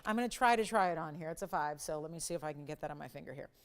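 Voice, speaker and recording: A woman hosting a live shopping channel jewelry show, giving an enthusiastic, chatty sales pitch. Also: racing.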